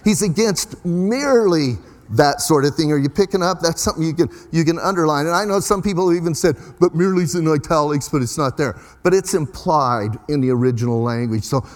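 Folksy male pastor in reverberant hall. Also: on the high side. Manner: conversational, folksy preaching with emphatic rises. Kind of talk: sermon.

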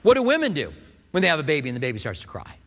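Animated preacher in an echoing hall. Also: male voice, fairly high pitch, racing. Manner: animated, conversational, asks the congregation questions. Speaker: pastor. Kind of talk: sermon.

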